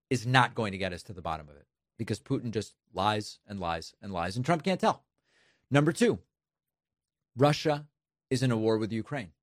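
A man in the middle pitch range delivers opinion commentary with emphatic, sardonic punch. His voice is recorded close and completely dry, with no room sound at all. He counts off his points deliberately. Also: no room sound. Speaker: political commentary host.

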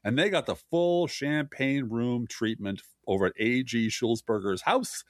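A man's voice: medium pitch, a little slow, dry recording, studio quality. A man co-hosting a casual political podcast, reading news quotes aloud with sarcastic asides. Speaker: podcast co-host.

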